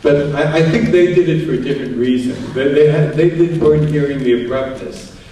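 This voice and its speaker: A man who translates scripture gives a lecture, reading passages aloud and explaining his choices in a measured, thinking-aloud way. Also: fairly high pitch, dark tone. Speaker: Bible translator giving a talk. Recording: distant mic in echoey room, faint noise.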